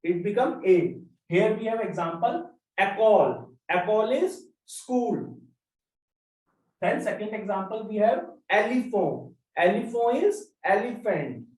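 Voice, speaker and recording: Male language teacher, unhurried and step-by-step, recorded from a distance in a reverberant room. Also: high voice, very animated, darkish tone. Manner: slow, step-by-step explaining, spells out letters. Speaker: French teacher. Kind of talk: classroom lesson. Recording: roomy echo, mic at a distance.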